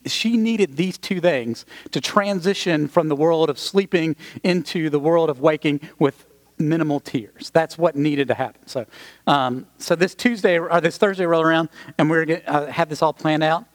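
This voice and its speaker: Conversational preacher man, animated. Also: fairly high pitch, normal speed. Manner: conversational, animated storytelling with asides to the congregation. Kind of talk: sermon with personal story.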